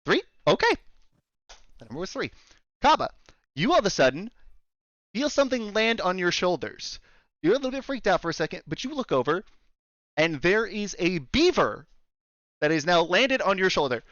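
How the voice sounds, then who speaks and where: A young man narrating a tabletop game as game master, his pitch bouncing around as he rambles. The audio is dry and a little dull, like a voice call. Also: big pitch swings, normal speed, long pauses, fairly bright tone, no echo. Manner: rambling, with fillers and restarts.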